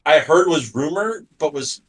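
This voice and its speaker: A man's voice: on the high side, animated, moderate pace, fairly bright tone, far from the mic. A man co-hosting a talk show, chatting casually in a hesitant, stammering way. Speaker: podcast co-host. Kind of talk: casual chat.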